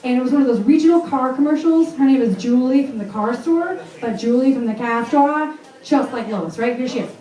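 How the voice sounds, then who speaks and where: Brash self-mocking woman comic, high voice. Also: lively intonation, a little fast, hardly any pauses, warm tone, reverberant, recorded from a distance, rough recording. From Vermont, USA. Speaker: stand-up comedian. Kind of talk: stand-up comedy set. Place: comedy club stage.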